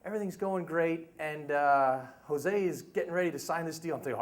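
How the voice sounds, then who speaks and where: A man's voice: fairly high pitch, brisk. A middle-aged man telling a humorous story live at a story slam, with chatty asides to the listeners. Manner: animated, humorous, conversational asides.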